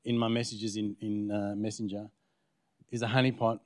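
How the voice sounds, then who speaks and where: A man's voice: on the low side, flat delivery, normal speed, darkish tone, no echo, clean studio sound. A man preaching a sermon as pastor, telling a personal story and acting out the dialogue. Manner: storytelling, acts out quoted dialogue. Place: church.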